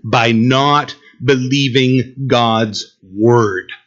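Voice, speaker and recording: A man's voice: medium pitch, drawn-out words, fairly bright tone, muffled recording. A man preaching a sermon to a Bible class, emphatic, asking his listeners questions and repeating key phrases. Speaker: pastor teaching a Bible class.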